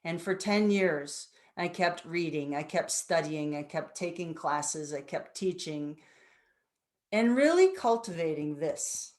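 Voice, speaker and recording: A woman's voice: low-pitched, animated, a little slow, a little mellow. A woman in her fifties giving a personal storytelling talk as a guest speaker at a spiritual center, earnest and reflective. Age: 50s.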